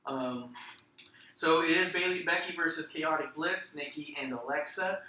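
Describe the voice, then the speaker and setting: Male podcast host, sharp bright voice, animated swearing storyteller, echoey room and a mic a bit far off. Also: fairly high pitch, normal speed. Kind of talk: casual chat. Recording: roomy room, distant mic, faint noise.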